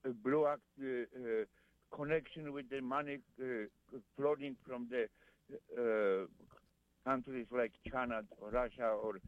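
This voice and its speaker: Mężczyzna, wzburzony rozmówca, stłumiony dźwięk. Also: male voice, mid-range voice, steady tone, no echo, narrow, tinny audio. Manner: halting, many fillers and restarts, heated. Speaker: caller. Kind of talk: call-in radio chat.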